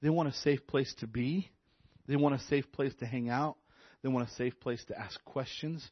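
A man, a youth pastor, preaching a sermon with excited energy, repeating phrases and stammering on restarts. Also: mid-range voice, normal speed, no room sound, lo-fi sound. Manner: enthusiastic, repetitive, stammers on restarts.

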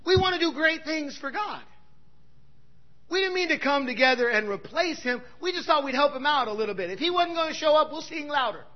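A man preaching a sermon in a bold, conversational way, dropping in "right?" asides and swinging from loud exclamations to quiet remarks. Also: very high voice, expressive, brisk, muffled recording. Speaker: pastor.

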